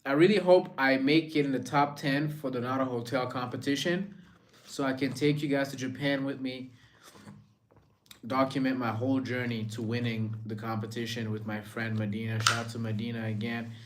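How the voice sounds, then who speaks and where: A man's voice: medium pitch, level tone, moderate pace, a little hiss or hum. A man hosting a live stream in a casual, rambling way, reading out viewer comments and answering them.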